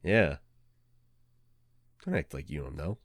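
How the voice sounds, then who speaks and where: Deep dude, slow and laid-back, joking on a podcast. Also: male voice, expressive, no echo, clean studio sound. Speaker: podcast co-host and streamer. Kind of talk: casual banter.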